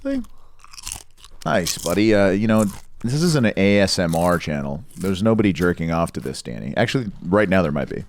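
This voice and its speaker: A young adult man co-hosting a podcast, profane and animated in crude comedic banter. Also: sits low, moderate pace. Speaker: podcast co-host.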